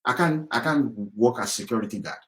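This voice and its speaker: A campaigner from Yorubaland in southwest Nigeria rants through an angry, emphatic and repetitive political monologue. His mid-range voice is brisk with lively intonation, and the audio is poor.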